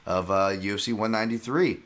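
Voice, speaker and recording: A man hosting a casual podcast chat over a video call, energetic and quick to react and agree. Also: lowish voice. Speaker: podcast host.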